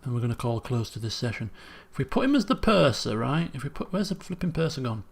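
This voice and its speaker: A man's voice: mid-range voice, very animated, fast talker, vocal fry, breathy edge. A man, thinking aloud as he streams a puzzle game, muttering guesses and restarting sentences. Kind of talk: casual gameplay commentary.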